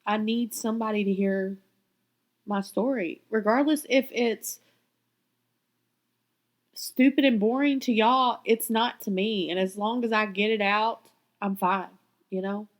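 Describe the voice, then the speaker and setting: A woman's voice: mid-range voice, fairly even intonation, a little slow, poor audio. A woman hosting her own podcast, telling her life story in a raw, candid way and swearing freely. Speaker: podcast host. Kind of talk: confessional personal storytelling.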